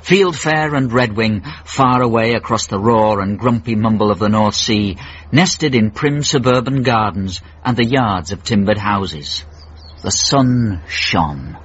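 A man narrating a radio comedy story in a dry, measured way. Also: on the low side, a bit bright, breathy edge. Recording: dull old radio broadcast.

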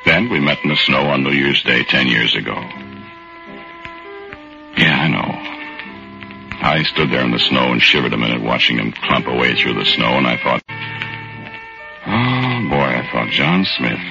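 A man's voice: rumbling low, measured pace, vocal fry, long pauses, full character voice. An actor narrating as a folksy, easygoing working man, in 1940s radio acting. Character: easygoing working man telling his story. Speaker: narrator and lead character. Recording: dull old radio recording with music.

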